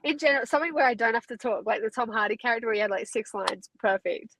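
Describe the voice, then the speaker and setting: A woman's voice: on the high side, fast talker, fairly bright tone, a little hiss or hum, poor audio. A woman from Australia with an Australian accent, chatting casually as an interview guest and laughing easily. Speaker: guest, fighter.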